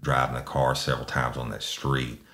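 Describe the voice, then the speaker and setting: Man, podcast host, very deep voice, casual and profane, echoey room. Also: flat delivery, moderate pace, a bit bright. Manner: profane, drawling, rambling with restarts. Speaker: podcast host telling a true crime story. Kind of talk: casual storytelling.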